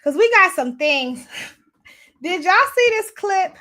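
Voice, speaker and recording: A woman's voice: extremely high pitch, lively intonation, slow pace, a bit bright, a little hiss or hum. A woman hosting a casual livestream, chatty and slangy, talking straight to her viewers while out of breath. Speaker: show host. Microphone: camera mic.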